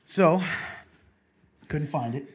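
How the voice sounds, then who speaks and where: A man's voice: a little high, drawn-out words, slight background noise. A man in casual podcast chat, a pastor and host who tells stories in a rambling way, with many restarts.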